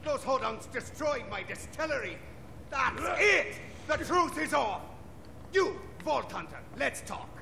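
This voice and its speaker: An actor playing a gruff, vengeful middle-aged clan boss with an Irish accent in a video game. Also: male voice, extremely high pitch, big pitch swings, measured pace, bright, forceful tone, slight background noise, exaggerated voice. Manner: blustering, vengeful, folksy.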